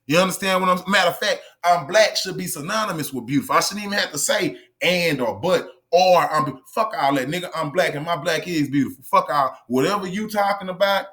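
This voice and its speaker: Brash high-voiced man ranting to camera. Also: a little fast, few pauses, a bit bright. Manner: emphatic, repetitive, confrontational, addresses viewers directly. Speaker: online lecturer. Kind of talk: profane, heated monologue to camera.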